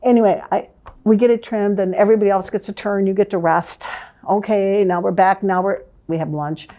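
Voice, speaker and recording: An older woman, a former advertising manager, reminiscing in a lively storytelling way and laughing often. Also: medium pitch, brisk, dull audio. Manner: lively, laughs often, vivid scene-setting.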